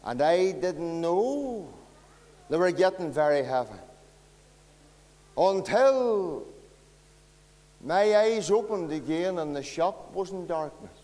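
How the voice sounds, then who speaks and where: A man's voice: sits high, expressive, slow, long pauses, dark tone, long reverb tail. A Northern Irish man preaching a folksy storytelling sermon at a carol service, chatting to the children in the congregation. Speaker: pastor. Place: church.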